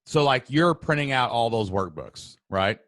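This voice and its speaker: A chatty man in his thirties spins a long story as co-host, his voice jumping up and down as he gets excited. The sound is close and dry. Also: mid-range voice, moderate pace, no room sound. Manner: animated, talkative storyteller. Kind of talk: casual storytelling chat.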